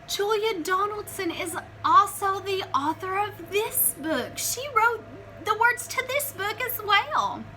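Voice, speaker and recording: A woman teacher reading a picture book aloud to children in a high, lively, bright voice. She takes her time and keeps stopping to ask her listeners questions. A faint ambient hum sits behind her. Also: slow pace, low-quality recording. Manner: animated, asks the listeners questions.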